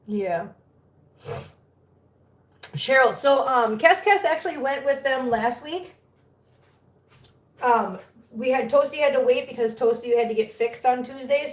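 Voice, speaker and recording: A woman with a fairly high voice hosts a casual livestream from home, slipping between cooing baby talk for her cats and chatty asides to her viewers. She sits some distance from the mic, and the room gives her voice a noticeable echo. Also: a little slow, pauses often, a little mellow. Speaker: cat rescue livestream host. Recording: echoey room, far from mic.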